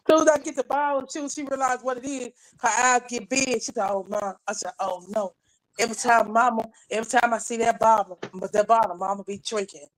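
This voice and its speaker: Speaking fast in a fairly high, steady voice, a North Carolina woman takes part in a casual live panel chat. She meanders with repeated restarts and plenty of laughter, all captured in a rough recording.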